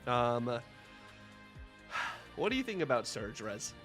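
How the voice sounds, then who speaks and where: A man hosting a casual chat, talking enthusiastically and quickly with casual fillers. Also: medium pitch, very animated, a bit bright, soft background music. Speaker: host.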